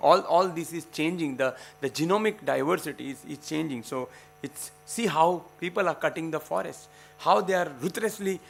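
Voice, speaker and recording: A middle-aged man with an Indian English accent lectures a room of students, his voice pitched a little high and carrying a gravelly edge. He talks with urgency, pushing out quick emphatic bursts and then trailing off with filler words. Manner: impassioned, emphatic, rapid bursts with frequent fillers. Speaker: guest lecturer and researcher.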